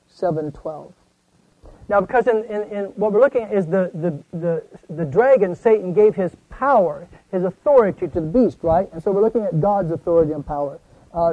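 An older man with a fairly high voice leads a Bible study, tossing questions to his listeners before answering them himself. He reads scripture slowly and with weight. The recording is dry and a little dull. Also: no room sound. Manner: folksy, asks the class questions and answers himself. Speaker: Bible teacher. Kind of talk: conversational Bible study teaching.

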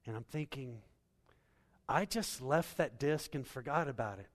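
A man's voice: mid-range voice, unhurried. Male preacher in a reverberant hall. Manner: preaching with rising emphatic bursts and hushed endings. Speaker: pastor. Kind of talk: sermon.

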